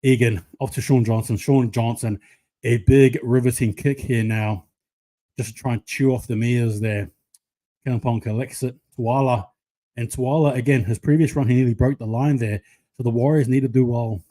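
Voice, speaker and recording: Excitable man calling the match live. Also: mid-range voice, moderate pace. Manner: excitable, chatty, casual play-by-play. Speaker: live reaction commentator. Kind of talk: live match commentary to viewers.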